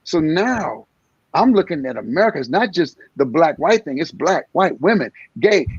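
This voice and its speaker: A comedian in his sixties talking in an animated interview, acting out little scenes in different voices. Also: fairly high pitch, moderate pace, slightly rough, dry recording, highs cut off. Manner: energetic storyteller acting out voices. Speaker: comedian guest.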